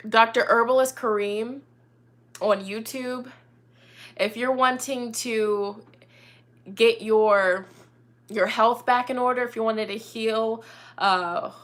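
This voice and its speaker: A woman's voice: a little high, a bit bright. Chatty upbeat woman streaming live. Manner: chatty, upbeat, lots of fillers like "you know" and "like". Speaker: tarot reader hosting a live chat. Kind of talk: casual live-stream chat.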